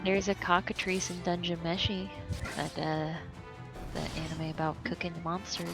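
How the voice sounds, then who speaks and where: A woman from Florida chatting on a game stream, talkative and quick to correct others. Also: fairly low pitch, fairly even intonation, creaky, music in the background. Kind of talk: casual live-stream banter.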